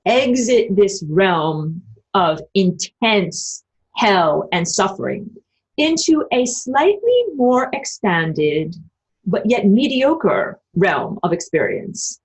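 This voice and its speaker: A woman's voice: medium pitch, big pitch swings, takes it slowly, husky. A woman giving an emphatic, profane, rambling spiritual livestream monologue and answering viewer comments. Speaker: spiritual vlogger.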